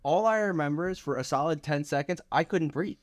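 A man's voice: a little high, a little fast, dry recording, studio quality. A young man on a podcast, telling a story with heavy swearing. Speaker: podcast co-host. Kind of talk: casual storytelling chat.

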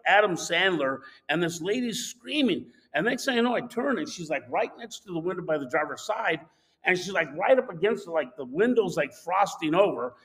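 A man casually telling a personal anecdote, animated and acting out the shouting of people in it. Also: high voice, rough recording. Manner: animated, acts out shouted quotes. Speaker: storyteller.

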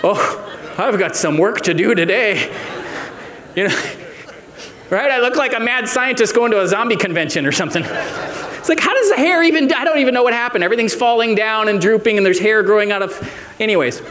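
A man in his forties delivers a sermon in a high, bright-sounding voice. He swings between wry, self-mocking asides and rising, shouted declarations. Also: animated, fast talker. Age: 40s. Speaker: pastor.

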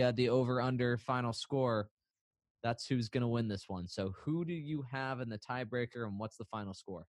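A man's voice: mid-range voice, dry recording. Playful, laughing podcast co-host man. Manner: playful, laughs often, rambling asides. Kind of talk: casual chat.

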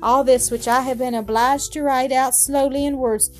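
A woman's voice: high-pitched, steady tone, normal speed, a little mellow, faint music behind. A woman narrating a story aloud, reading steadily with small restarts. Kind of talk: audiobook reading.

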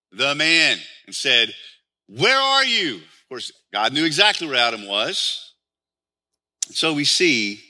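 Bright-voiced man preaching a sermon. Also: medium pitch. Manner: explains scripture with frequent rhetorical questions. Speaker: pastor.

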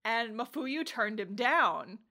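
A young woman co-hosting a casual podcast, retelling scenes in an animated way, laughing often and acting out characters' lines. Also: a little high, slow. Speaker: podcast co-host. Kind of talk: casual chat.

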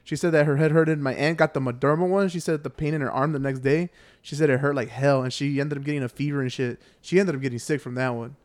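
A man's voice: on the high side, fairly even intonation, quick pace. A man in casual chat with friends, rambling in a laid-back way and laughing often. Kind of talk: casual banter.

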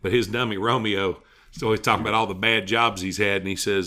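Bright-voiced man telling stories. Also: on the low side, steady tone, fast. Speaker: podcast host. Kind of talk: casual chat.

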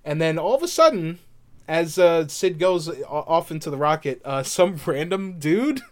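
A man's voice: on the high side, lively intonation. Rambling man recapping a game. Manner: rambling, many fillers, quotes characters in quick voices. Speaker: podcast co-host. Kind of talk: casual chat recapping a game.

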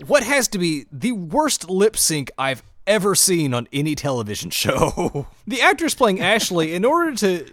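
Animated, lively-pitched man recapping on a podcast. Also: no room sound. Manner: animated storyteller, mock-outraged. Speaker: podcast co-host. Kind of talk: casual episode recap chat.

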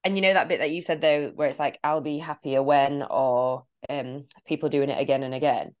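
A woman's voice: sits low, fairly even intonation, brisk, dull audio. A woman co-hosting a podcast as a fitness coach, talking earnestly and reflectively about clients. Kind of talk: casual podcast chat.

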